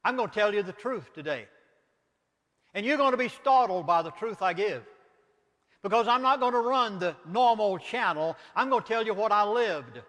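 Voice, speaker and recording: A man's voice: sits high, animated, normal speed, a bit bright, big-room sound. A man with a Southern US accent, a minister giving an impassioned lecture in an emphatic, preacherly manner, full of rhetorical questions.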